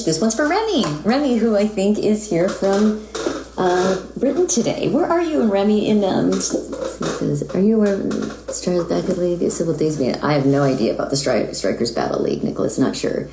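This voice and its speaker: A woman's voice: mid-range voice, very animated, normal speed, echoey room, background noise. A woman from the United States, a voice actress who chats casually with fans while she signs autographs. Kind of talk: casual live-stream chat.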